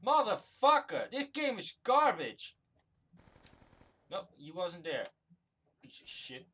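A man's voice: high-pitched, sing-song, slow pace, pushed and bright, slightly rough. A man giving angry gameplay commentary, swearing constantly and ranting at other players. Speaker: gamer recording his own play.

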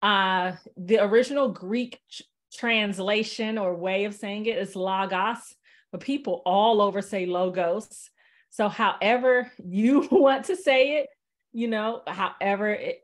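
Chatty woman presenting over a call. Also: medium pitch. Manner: chatty, relaxed, with many fillers. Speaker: software presenter. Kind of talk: casual webinar demo.

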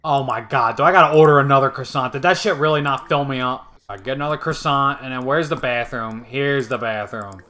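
A young man casually commentating a life-sim game he is playing, swearing freely and getting excitable. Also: mid-range voice, fairly quick, hardly any pauses. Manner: profane, excitable, jokey. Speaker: gaming video host.

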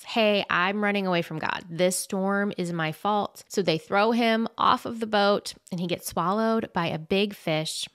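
A woman's voice: on the low side, no room sound, clean studio sound. A woman hosting a podcast, teaching from the Bible in an earnest, conversational way and reading scripture aloud.

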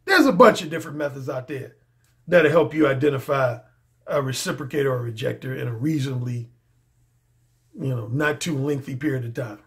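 A man's voice: mid-range voice, brisk. A man speaking as a dating coach in a casual video monologue, emphatic and slangy, often repeating his key phrases.

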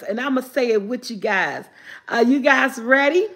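A woman's voice: a little high, normal speed. An older woman hosting a casual live vlog, chatting with viewers, reading their comments aloud and laughing often. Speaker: vlogger.

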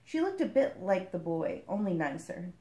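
A woman reading a picture book aloud as a storyteller, expressive and lively. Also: on the low side, moderate pace, roomy sound.

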